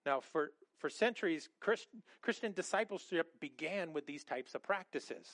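A man preaching a sermon, his voice sitting a little high for a man. He talks conversationally, stumbling over and repeating his words. The sound is dry and close, with no room echo. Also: animated, moderate pace, few pauses, fairly bright tone. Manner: conversational, with many stammered repeats. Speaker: pastor.

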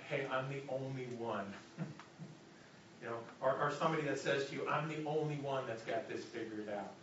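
A man's voice: a little high, slight background noise. A man preaching a sermon, reading scripture aloud with jokey asides, restarting phrases and repeating words. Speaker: pastor. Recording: roomy, distant, dull-sounding sanctuary audio.

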